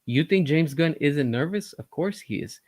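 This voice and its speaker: A man giving casual, opinionated commentary, speaking directly to his viewers with animated emphasis. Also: fairly high pitch, moderate pace, no room sound. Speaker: entertainment news commentator.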